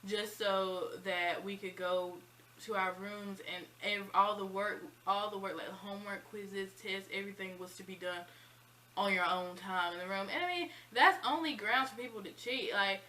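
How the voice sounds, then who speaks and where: Bright-voiced young woman telling a story. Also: medium pitch, moderate pace, slight background noise, rough recording. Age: 20s. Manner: animated, chatty storytelling. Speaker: vlogger. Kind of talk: casual storytime.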